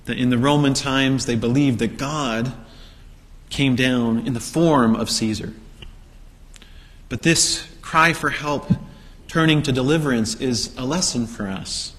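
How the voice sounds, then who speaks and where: A man's voice: mid-range voice, unhurried, fairly bright tone. A man preaching a sermon, telling the story with rhetorical questions and acted-out quotes. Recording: long hall reverb.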